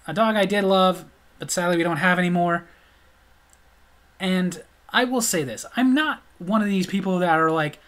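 A man's voice: high voice, normal speed, fairly bright tone. A middle-aged man telling stories in a casual vlog, blunt and sarcastic. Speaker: storyteller.

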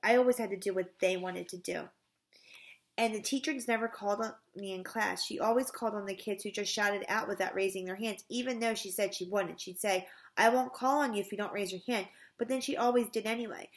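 A woman's voice: mid-range voice, lightly acted. A woman reading aloud, voicing a fed-up schoolteacher who sounds aggrieved and indignant, in a somewhat raised voice.

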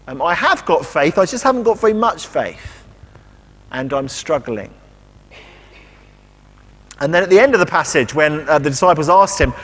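A man's voice: fairly high pitch, big pitch swings, moderate pace, fairly bright tone. A man preaching a sermon in a conversational way, asking rhetorical questions and acting out quoted lines. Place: church. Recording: long reverb of a church hall.

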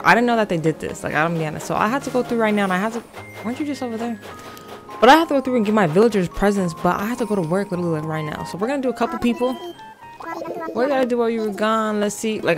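A woman giving casual gameplay commentary as a vlogger, excitable, rushed and playfully dramatic. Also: mid-range voice. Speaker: gaming vlogger.

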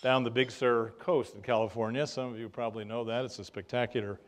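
A man's voice: mid-range voice, steady tone, fairly quick. An older man, a history professor, giving a public lecture in a room with an audience, telling anecdotes with a wry, dry humor and frequent fillers.

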